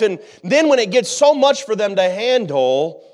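A man preaching a sermon in a high, animated voice. He moves from quiet, chatty asides to the congregation to loud, dramatic retellings of the scene. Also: normal speed. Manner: dramatic, acts out the disciples' panic, swings from quiet to shouting; conversational, jokes with the congregation. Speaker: pastor.

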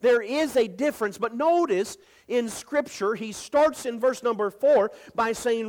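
Male pastor, 30s, high voice, emphatic sermon delivery with repeated phrases. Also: measured pace, hardly any pauses, a little mellow. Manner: repeats words when speaking casually.

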